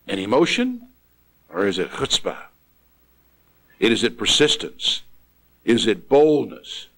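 Man, preacher, sermon, emphatic, loud exclamations and quiet asides, very lively pitch. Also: measured pace, long pauses, poor audio.

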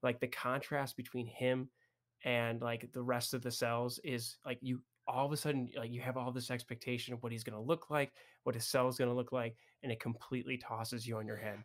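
A man's voice: medium pitch, flat delivery, fairly quick. Eager young man gushing about film. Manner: enthusiastic, many "like" and "right?" fillers. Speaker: podcast co-host. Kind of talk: casual film discussion.

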